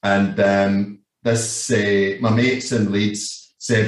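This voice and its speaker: A low-voiced Scottish man in his fifties rambles through a story, swearing as he goes and checking in with "you know what I mean". He sounds set back from the microphone, and the room rings around him. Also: little pitch movement, extremely slow. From Scotland. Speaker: guest. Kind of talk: casual storytelling. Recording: echoey room, distant mic.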